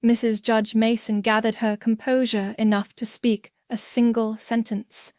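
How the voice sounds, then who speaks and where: A woman narrates a mystery story in a clear, measured reading voice. Her voice sits fairly high. The recording is dry and close, with no room sound. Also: little pitch movement, a little mellow, dry recording. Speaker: audiobook reader.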